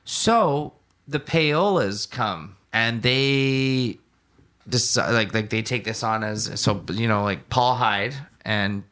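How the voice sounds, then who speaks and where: Rambling through stories on a casual podcast, this young male co-host uses lots of fillers and restarts. He speaks slowly in a medium-pitched, slightly bright voice.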